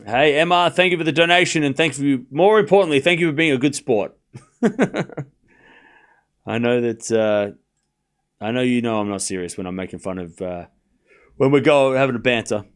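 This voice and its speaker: A man hosting a live tennis watchalong stream, calling the score and chatting casually with his viewers in an excitable, teasing way. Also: fairly quick, smooth. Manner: excitable, jumps up in pitch and volume, chats with viewers; teasing, laughs often.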